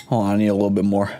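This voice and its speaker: A young man streaming casually while eating spicy food, excitable and slangy, his mouth burning. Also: fairly low pitch.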